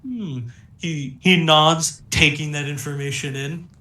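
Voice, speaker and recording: A man's voice: on the high side, unhurried, sharp tone, reverberant. A young man narrating a tabletop game as game master, laid-back, with lots of fillers and little chuckles.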